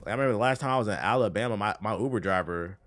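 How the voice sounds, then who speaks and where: A man's voice: fairly low pitch, racing, a bit bright. A man with a Washington, D.C. accent casually chatting on a gaming stream, using loose, profane slang and answering chat while he plays. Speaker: livestreamer.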